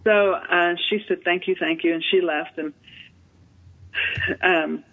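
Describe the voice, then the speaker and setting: Gravelly woman on a phone line. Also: on the low side, slow pace. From Southern United States. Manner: animated anecdotal storytelling with frequent fillers. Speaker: author and literary agent guest. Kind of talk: storytelling in a conversational interview. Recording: tinny phone-line radio sound.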